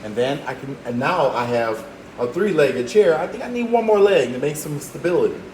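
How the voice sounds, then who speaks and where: A male art teacher talks through his drawing one stroke at a time and cheers the viewer on as he goes. His voice sits a little high for a man. The room gives it a noticeable echo. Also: expressive, normal speed, a little mellow, slight background noise. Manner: encouraging, talks while drawing step by step. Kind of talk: drawing demonstration. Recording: roomy echo, faint ambience.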